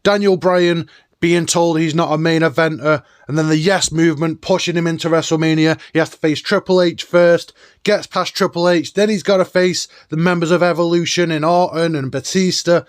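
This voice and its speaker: A man's voice: on the high side, steady tone, moderate pace, clean tone, dry recording, clean studio sound. A man hosting a nostalgic countdown video in an enthusiastic, chatty way. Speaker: host.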